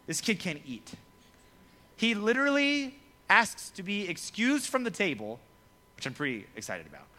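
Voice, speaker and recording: A young man preaching a casual, joking sermon to students as their pastor, acting out quotes along the way. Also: fairly high pitch. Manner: lively, joking, acts out quoted voices. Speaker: youth pastor.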